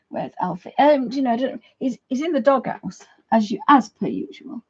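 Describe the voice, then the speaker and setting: A woman's voice: high voice, normal speed, slightly rough, muffled recording. A woman hosting a casual live painting lesson, chatting to viewers with friendly asides and frequent restarts. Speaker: art tutor, livestream host. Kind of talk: casual live craft demonstration.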